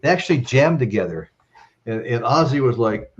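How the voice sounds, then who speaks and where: A man's voice: mid-range voice, animated, moderate pace, dull audio. A man hosting a live-stream chat, telling stories in a rambling way and ending lines with "okay?". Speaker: host.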